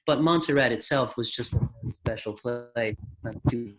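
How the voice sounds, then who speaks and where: A man, a record producer, guest on an interview, telling long anecdotes at an unhurried pace with thoughtful pauses. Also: mid-range voice, a bit bright, a little hiss or hum. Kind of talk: casual storytelling interview.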